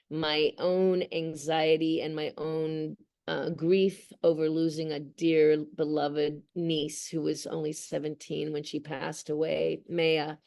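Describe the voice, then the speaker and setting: A woman's voice: deep voice, vocal fry, dark tone. A woman actress being interviewed, speaking earnestly and emotionally about her work. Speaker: voice actress guest. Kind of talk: interview conversation.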